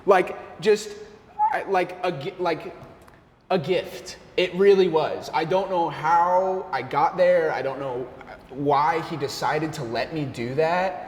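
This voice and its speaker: A young man, a barista, telling a story in an animated, slangy way, his voice jumping up when he gets excited. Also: a little high, slow. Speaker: barista and café worker. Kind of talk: casual storytelling chat. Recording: roomy echo with long reverb, faint ambience.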